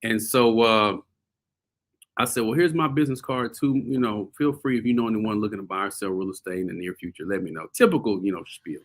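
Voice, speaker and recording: A man hosting a show, telling a story casually to his viewers, animated and laughing often. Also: lowish voice, brisk. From US South. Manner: animated, laughing often, addresses audience as y'all. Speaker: host.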